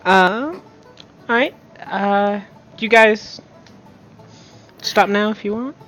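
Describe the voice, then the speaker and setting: A woman's voice: medium pitch, takes it slowly, a bit bright, soft background music, poor audio. A woman voicing a casual, friendly tavern barmaid with an easygoing manner.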